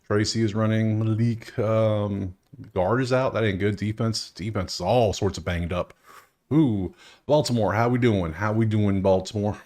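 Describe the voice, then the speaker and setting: A man's voice: fairly low pitch, moderate pace, darkish tone. Loose-talking man breaking down bets. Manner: loose, talking to himself, swears. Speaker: sports betting host. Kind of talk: casual betting breakdown.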